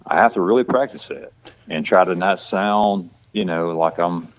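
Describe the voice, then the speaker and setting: Deep-voiced Southern country man. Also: moderate pace, low-quality recording. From rural Georgia, west of Atlanta. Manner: rambling, many fillers and restarts. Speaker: actor guest. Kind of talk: casual chat.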